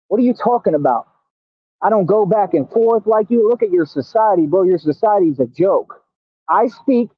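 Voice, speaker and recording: A man's voice: high voice, husky, no room sound. Boastful man scolding on a tinny stream. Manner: boastful, scolding, streetwise slang. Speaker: livestream host. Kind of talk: confrontational livestream talk. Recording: tinny phone-like dry audio.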